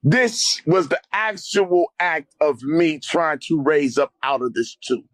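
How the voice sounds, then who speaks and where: A man's voice: fairly high pitch, takes it slowly, no room sound. Intense man telling a testimony. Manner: intense, emphatic, rising to near-shouting in dramatic moments. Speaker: interview guest sharing a testimony. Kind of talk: personal testimony storytelling.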